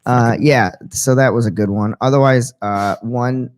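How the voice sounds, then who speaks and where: A man's voice: mid-range voice, fairly even intonation, measured pace, a little mellow, clean tone. Brash, profane man telling stories. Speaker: podcast co-host. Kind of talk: casual chat.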